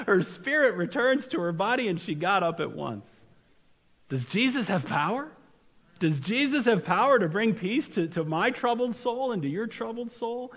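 Pastor, male, conversational sermon delivery, somewhat high voice, heard in a reverberant church hall. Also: sing-song, moderate pace, a bit bright. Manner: conversational preaching with rhetorical questions and restarts. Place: church sanctuary.

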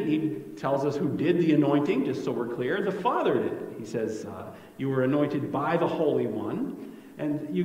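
A man's voice: medium pitch, darkish tone, roomy sound, in a large hall, rough recording. A male pastor preaching an expository sermon in a conversational way, often checking in with "right?".

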